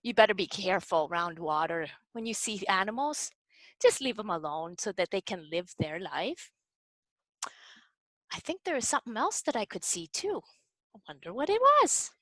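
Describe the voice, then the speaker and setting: A woman hosting a children's library program, telling a story to young kids in an animated, coaxing way and asking them questions. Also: mid-range voice, normal speed, no echo, rough recording. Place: at home.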